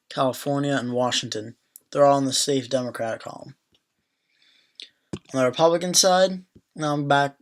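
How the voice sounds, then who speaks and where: A young man in a mid-pitched voice hosts a casual political prediction video. He talks loosely and thinks aloud, with fillers and quick restarts as he works through the map. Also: clean tone. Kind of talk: casual commentary over an electoral map.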